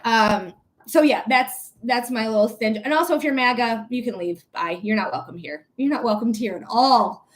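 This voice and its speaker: A woman hosting a live psychic-reading stream, talking in a blunt, outspoken way, swearing freely and tossing quick asides to viewers. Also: a little high. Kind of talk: casual live-stream chat.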